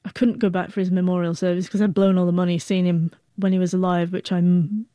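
Female interview guest in her forties; stutters on word starts, warm mellow voice, dry recording. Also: on the low side, flat delivery, fast, no room sound. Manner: heartfelt, reflective. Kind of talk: personal storytelling.

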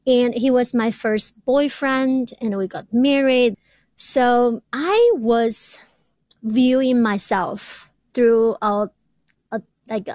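A woman speaks slowly and thoughtfully, repeating words as she stutters. Her voice sits fairly high, and the recording is dry and close. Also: darkish tone, no echo. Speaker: guest, doctoral student. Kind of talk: interview conversation.

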